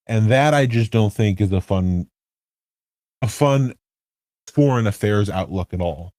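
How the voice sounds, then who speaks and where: A man's voice: fairly low pitch, animated, a little slow, warm tone, no echo. A man hosting a casual podcast, rambling and correcting himself as he builds his points with rhetorical questions. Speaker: podcast host. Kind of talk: casual podcast chat about online game politics.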